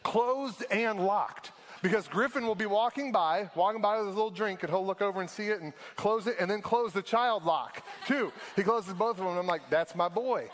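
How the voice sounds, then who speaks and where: A man, preaching a sermon in a casual storytelling way that slows down for emphasis. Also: high-pitched, fairly bright tone, long reverb tail. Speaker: pastor.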